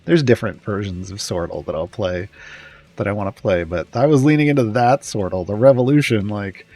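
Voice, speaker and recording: A man chatting casually on a live stream, rambling and often trailing off with pauses and small chuckles. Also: fairly low pitch, darkish tone.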